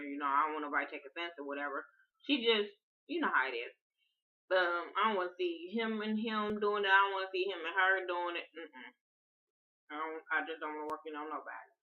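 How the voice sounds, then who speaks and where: A woman giving a casual, animated episode review, cursing freely and acting out the characters' lines. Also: lowish voice, dull audio. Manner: animated, profane, acts out quotes with laughter. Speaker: TV recap vlogger. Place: home room with a heater running.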